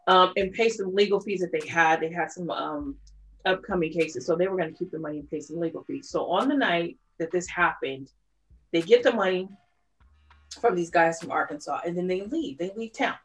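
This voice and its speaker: Woman, low-ish voice, podcast co-host, animated true-crime storyteller. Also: normal speed.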